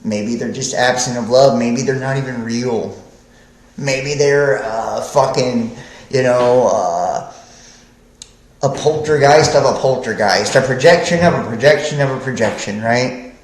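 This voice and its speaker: Slow, preachy man in an echoey room. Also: mid-range voice. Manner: rambling, profane, keeps asking "right?". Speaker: podcast host. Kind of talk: preachy livestream monologue.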